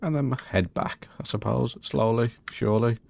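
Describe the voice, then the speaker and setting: A man's voice: mid-range voice, moderate pace, vocal fry, darkish tone. A man hosting a Minecraft let's-play, chatting casually and scolding the game's mobs in a mock-posh, indignant way. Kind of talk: casual gameplay commentary.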